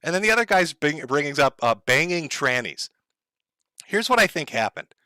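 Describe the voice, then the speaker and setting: A man's voice: fairly high pitch, sing-song, normal speed, sharp tone, no echo, clean studio sound. A man giving mocking, profane online commentary, sarcastic and laughing at his own jokes.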